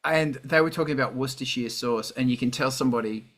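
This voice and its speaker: A man hosting a casual podcast chat, telling an anecdote in a lively, laughing way. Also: medium pitch, fast. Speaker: podcast host.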